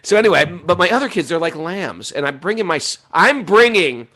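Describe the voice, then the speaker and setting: Lively animated man. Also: sits high, brisk. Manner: animated, laughing storyteller. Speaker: podcast host. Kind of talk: casual spiritual conversation.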